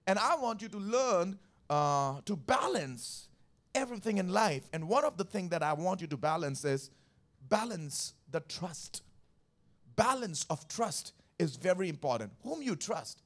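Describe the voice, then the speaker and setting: Here a high-voiced pastor preaches his Sunday morning sermon, very animated yet unhurried. Working verse by verse through scripture, he hammers home his main lines by repeating them and repeatedly invites the congregation to respond.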